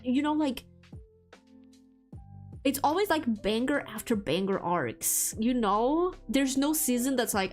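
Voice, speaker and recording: A young woman talks casually to her viewers, rambling and restarting her sentences with plenty of fillers. Her pitch sits in a middle range. Faint background music plays under her voice. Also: animated, moderate pace, darkish tone. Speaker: streamer.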